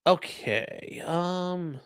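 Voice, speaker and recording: A man's voice: high voice, very slow, fairly bright tone, clear, resonant tone, no echo, studio quality. A man hosting a casual livestream, talking bluntly with profane, mocking asides. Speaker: livestream host and lawyer.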